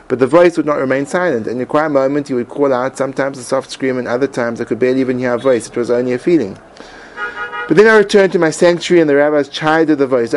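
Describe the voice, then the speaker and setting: A man who teaches Torah reads his own personal essay aloud, earnest and emotive, using dramatic pauses. His voice sits in the mid-range. The audio is poor, with a little hiss or hum.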